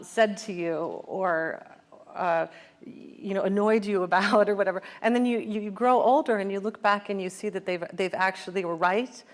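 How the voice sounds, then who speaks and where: Reflective American woman author in conversation. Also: medium pitch. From United States. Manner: reflective, many fillers and restarts. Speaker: author guest. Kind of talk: onstage conversation.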